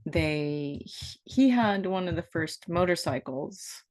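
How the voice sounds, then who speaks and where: Slow and a little mellow, her lowish voice carries a rambling, improvised monologue. She's a vlogger in her fifties who mocks herself playfully while meandering between thoughts.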